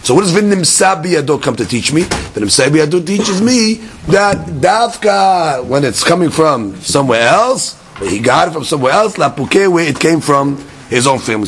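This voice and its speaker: Animated man teaching a Talmud class. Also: fairly high pitch, a little hiss or hum. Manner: animated explaining, mixing Hebrew-Aramaic terms into English, repeats words.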